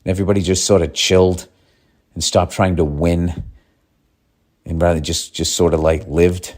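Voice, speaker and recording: A man's voice: low voice, little pitch movement, normal speed, a little mellow. A man hosting a comedy podcast, ranting in a profane, sardonic way and reading listener mail.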